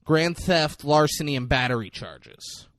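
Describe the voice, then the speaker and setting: Guy on a podcast, kinda high voice, bouncy and swears a ton, dry close sound. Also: no room sound. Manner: animated, profane, acts out film lines in quick voices. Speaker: podcast co-host. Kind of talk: casual chat, retelling a film scene.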